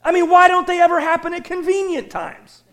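High-voiced preacher man, excitable and loud. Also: brisk. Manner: animated, often breaks into loud excited shouting; conversational, asks the congregation questions. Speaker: pastor. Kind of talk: sermon. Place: church sanctuary.

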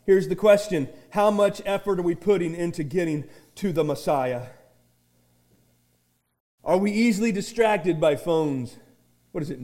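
A pastor preaching a sermon in a church, swinging between quiet asides and shouted, drawn-out peaks. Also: male voice, a little high.

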